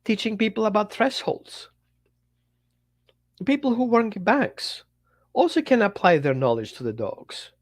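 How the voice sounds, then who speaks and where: Blunt dog trainer doing a podcast, pitch jumps all over, acts out convos. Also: a little slow, pauses often. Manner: animated and blunt, acts out little dialogues. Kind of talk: podcast monologue.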